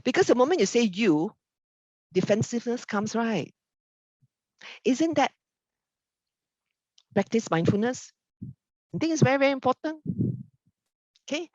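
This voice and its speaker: In an unhurried, animated dharma talk, a woman with a voice on the high side often pauses, tacks on the tag question "isn't it?" and performs small quoted exchanges. The informal Buddhist talk has lo-fi sound and no echo.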